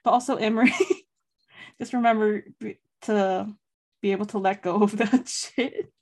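A woman's voice: mid-range voice, fairly even intonation, normal speed. A young woman co-hosting a casual fan discussion podcast, rambling and giggling as she talks. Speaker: podcast co-host.

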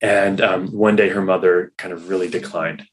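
A man with a somewhat low voice tells a story as a rabbi in a conversational interview. He is animated, acting out the people in the story, and his sentences are full of "like" and "you know". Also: moderate pace, poor audio. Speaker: hospital rabbi, interview guest.

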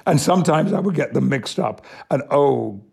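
An older English actor from Yorkshire, telling stories in measured, unhurried answers during an interview. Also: male voice, mid-range voice, lively intonation, creaky, a little mellow, husky. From Yorkshire, England. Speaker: actor guest.

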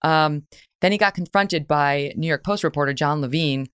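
A middle-aged woman hosting a talk show, giving blunt, opinionated commentary with quick asides. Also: deep voice, a bit bright, clear, resonant tone, dry recording, clean studio sound. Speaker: podcast host.

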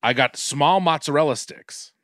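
A man's voice: fairly high pitch, moderate pace, a bit bright, dry recording, studio quality. A man co-hosting a podcast, telling rambling food stories in casual chat and swearing freely. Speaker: podcast co-host.

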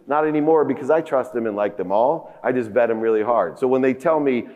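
A man delivers a motivational keynote from a conference stage through a stage microphone. He tells stories emphatically and acts out heated dialogue with rising outbursts. His mid-pitched voice rings with the long reverb of a big hall. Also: brisk, few pauses, darkish tone. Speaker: keynote speaker.

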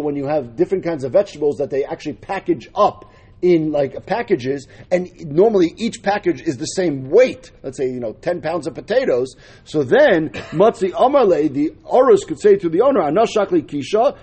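A man with a husky voice teaching a Talmud lesson, explaining step by step and mixing in Hebrew and Aramaic terms. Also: a little high, darkish tone.

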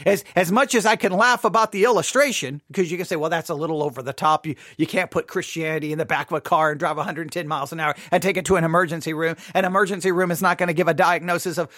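A man's voice: on the high side, fast, few pauses, fairly bright tone, no room sound, clean studio sound. A man hosting a podcast, telling a dramatic illustrative story and then giving impassioned commentary. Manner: dramatic storytelling, acting out scenes. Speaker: podcast host.

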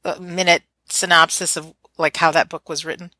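Bright-voiced woman hosting an interview. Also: on the low side, little pitch movement, normal speed, dry recording. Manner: encouraging, with short supportive interjections and questions. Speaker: podcast host. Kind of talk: interview chat.

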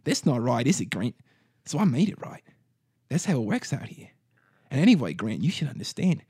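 A man's voice: mid-range voice, very animated, brisk, darkish tone, breathy edge, dry recording, studio quality, heavily acted. A man playing a taunting bald gang boss. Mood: menacing taunting. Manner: taunting, lecturing, repeats the listener's name. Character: menacing bald male gang boss, condescending.

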